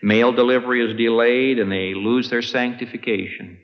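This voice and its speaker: A man preaches a sermon in a big hall with a long reverb trailing off. The recording sounds slightly muffled. His voice is middle-pitched, and his delivery jumps to ringing peaks, then sinks to near-whispered endings. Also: little pitch movement, moderate pace. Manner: dramatic rises and hushed drops in delivery.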